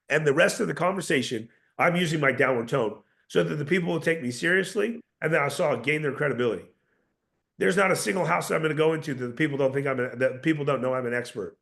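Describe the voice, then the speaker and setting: A man's voice: a little high, creaky, a bit bright. A man teaching salespeople in a coaching style, repeating points and demonstrating tones of voice. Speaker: sales trainer. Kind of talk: motivational sales lesson.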